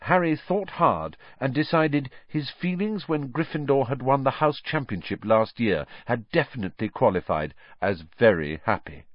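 A man narrating a fantasy story aloud with expressive, storytelling delivery, on a dull, dry recording. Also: mid-range voice, normal speed, hardly any pauses, no echo. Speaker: audiobook narrator. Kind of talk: scripted narration. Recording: dull, dry studio audiobook.

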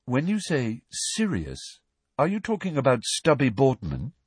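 A man reading aloud, voicing a dreamy, detached teenage girl who speaks serenely and slowly. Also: medium pitch, wildly swooping pitch, slightly rough, no echo, studio quality, voice pushed up, heavily acted.

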